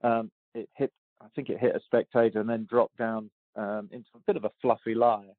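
A man's voice: on the low side, level tone, brisk, no echo. A man in his sixties telling stories in an interview, with many ums and restarts and easy laughs. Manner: hesitant, lots of ums and restarts, laughs easily. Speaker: golf champion guest. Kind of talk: relaxed storytelling interview. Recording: tinny phone line, dry.

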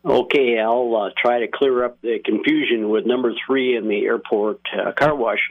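A man's voice: mid-range voice, normal speed. Midwestern man lecturing over phone line. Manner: earnest, lecturing, steady. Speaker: caller. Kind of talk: call-in opinion.

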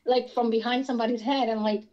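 A woman from Pennsylvania telling her own experiences in a casual interview, animated and rambling with many restarts. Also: on the high side, quick pace, muffled recording. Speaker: guest experiencer.

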